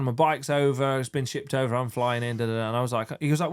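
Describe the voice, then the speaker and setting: Male podcast guest, quick delivery, mid-pitched, animated storyteller. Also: clear, resonant tone. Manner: animated storytelling, laughs often, acts out quoted voices. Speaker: podcast guest, motorcycle racer. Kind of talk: casual chat.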